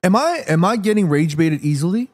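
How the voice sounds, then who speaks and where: Excitable high-voiced man hosting a stream. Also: brisk. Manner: excitable, reads viewer messages aloud, swears. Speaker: live stream host. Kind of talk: casual live-stream watchalong chat.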